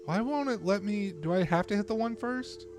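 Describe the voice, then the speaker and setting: A man's voice: high voice, moderate pace, darkish tone, soft background music. A man hosting a casual let's-play stream, laid-back and profane, laughing often. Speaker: podcast host and streamer.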